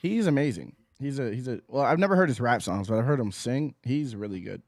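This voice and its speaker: Gravelly young man, casual guest. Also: mid-range voice, expressive, brisk, dry recording, clean studio sound. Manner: laid-back, joking, agreeing a lot. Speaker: podcast guest. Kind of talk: casual chat.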